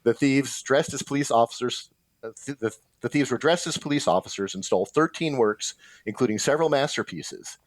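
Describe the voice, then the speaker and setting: A man's voice: medium pitch, a little fast, no room sound. A man hosting a pub trivia game, reading out questions and chatting about the answers. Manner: chatty, adds background facts after answers. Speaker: trivia quiz host.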